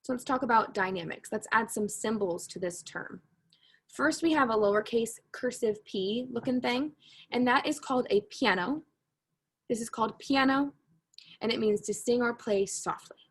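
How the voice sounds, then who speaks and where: A woman's voice: on the high side, moderate pace, slightly rough. Cheerful woman teaching a music lesson. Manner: patient, repeats key points, self-correcting with humor. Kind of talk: recorded online music lesson.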